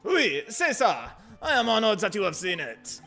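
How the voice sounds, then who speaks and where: A man reading game dialogue as a calm, dignified con man with a put-on French accent, measured and poised. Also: sits high, faint music behind, pitched above the performer's own voice, exaggerated voice. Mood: composed.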